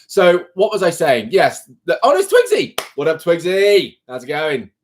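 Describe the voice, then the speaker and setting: Chatty British man, lively bouncing pitch. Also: measured pace, a little hiss or hum. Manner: chatty, rambling, self-deprecating. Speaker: livestream host. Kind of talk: casual live-stream chat. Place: at home at his computer. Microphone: computer mic.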